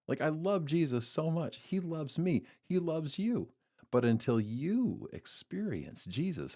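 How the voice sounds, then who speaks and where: A man hosting a devotional podcast, talking in an earnest, storytelling way with lively swings. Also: on the low side. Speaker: podcast host giving a devotional. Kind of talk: casual devotional talk.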